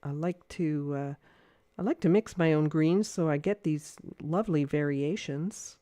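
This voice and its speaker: Mellow-voiced woman teaching watercolor. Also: low-pitched, measured pace, dry recording, studio quality. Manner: chatty, thinking aloud, hesitant with many fillers; gentle, encouraging teacher. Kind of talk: casual painting demonstration livestream.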